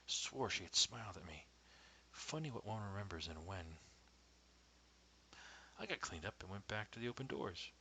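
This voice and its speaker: A man narrating his own first-person story at a measured pace, often dropping to a hushed whisper. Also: on the low side, expressive, a little hiss or hum, low-quality recording.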